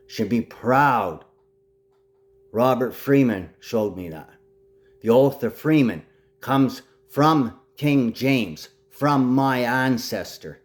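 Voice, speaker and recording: A man talking to camera in a rambling, agitated monologue, addressing absent people directly. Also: mid-range voice.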